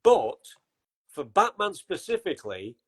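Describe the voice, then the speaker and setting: A man's voice: fairly high pitch, very animated, measured pace, fairly bright tone, breathy edge, poor audio. A man hosting a podcast in casual chat, with wry, sarcastic asides and frequent swearing. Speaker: podcast host.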